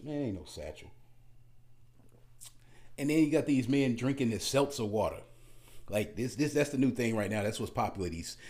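A man's voice: fairly low pitch, darkish tone. A man talking straight to his audience in a casual, ranting monologue, blunt and emphatic, repeating words as he gets worked up.

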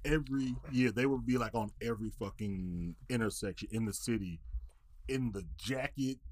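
A man's voice: medium pitch, moderate pace, darkish tone, dry recording. A man telling a story in a casual podcast chat, crude and laughing. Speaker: podcast co-host.

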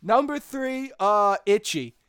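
High-voiced excitable young man ranting. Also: slow pace, smooth, dry recording. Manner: excitable, builds to shouting when fired up. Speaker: host. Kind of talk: casual comedic rant.

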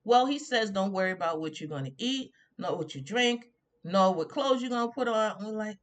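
A woman's voice: mid-range voice, lively intonation, moderate pace, a little hiss or hum. A woman preaching an informal sermon on a radio show, drawing words out and humming in agreement with herself.

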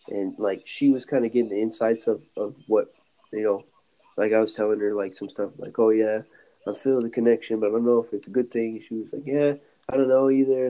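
Mellow-voiced young man telling a rambling story. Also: lowish voice, low-quality recording. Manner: rambling storytelling with many fillers. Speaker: podcast co-host. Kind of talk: casual podcast chat. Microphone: podcast mic.

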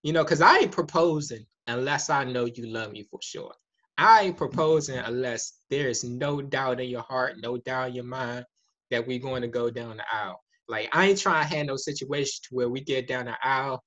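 A man's voice: mid-range voice, normal speed, a bit bright, dull audio. A man in casual chat, speaking candidly in a rambling, slangy way.

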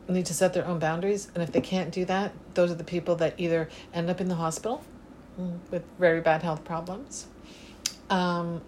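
A woman's voice: on the low side, noisy background. A woman in casual conversation, talking emphatically and running through long lists of examples. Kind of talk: casual chat.

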